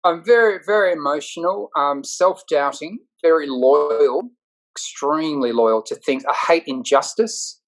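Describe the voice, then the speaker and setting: A man, a comedian, talking candidly as an interview guest with quick, punchy comic timing and a self-deprecating edge. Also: on the high side, poor audio. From Australia.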